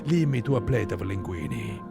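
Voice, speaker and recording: A man's voice: huge pitch swings, moderate pace, vocal fry, exaggerated voice. A man voicing a bossy, pompous male sea-person cat in a hammy mock Spanish-Italian accent while game music plays. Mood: boastful. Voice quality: low, put-on hammy accent. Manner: theatrical, dramatic posing.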